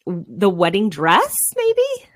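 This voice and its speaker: A woman co-hosting a podcast in casual chat, lively and quick to laugh. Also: mid-range voice, no echo, studio quality. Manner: lively, laughs often, reads posts aloud. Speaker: podcast co-host.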